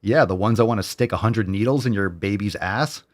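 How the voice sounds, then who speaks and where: A man with a fairly low voice delivers a heated solo rant as a show host. He swears constantly, drips with sarcasm and hammers his points by repeating them. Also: fairly quick. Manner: repeats phrases for emphasis. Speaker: podcast host. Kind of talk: solo ranting commentary.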